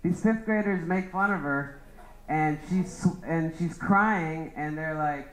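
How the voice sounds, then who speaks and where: A man's voice: on the high side, slow, roomy sound, low-quality recording. A young man doing a rambling stand-up roast of his friends, laughing at his own jokes. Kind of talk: open-mic roast set.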